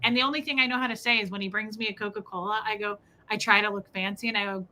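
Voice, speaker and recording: Bright, gushing young woman co-host. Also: mid-range voice, fast, few pauses, low-quality recording. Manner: gushing, animated storytelling. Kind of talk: casual chat on a livestream.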